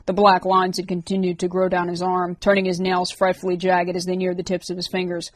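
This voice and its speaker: Woman narrator, audiobook, steady, low-pitched, dry sound. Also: fairly quick, no room sound. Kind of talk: reading a novel aloud.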